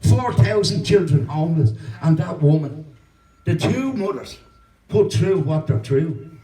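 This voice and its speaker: Irish man, exhorting audience speech, animated pitch, heard from a distance in a roomy hall. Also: a little slow. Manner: urgent, exhorting. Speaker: audience member at a public meeting. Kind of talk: impassioned speech from the floor. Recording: echoey hall from far off.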